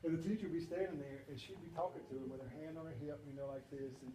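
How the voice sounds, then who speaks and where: At a banquet, a man with a slightly high voice gives a rapid-fire, humorous storytelling talk in a conversational style, animating the voices he quotes. The echoey hall carries faint ambience, and the background is noisy.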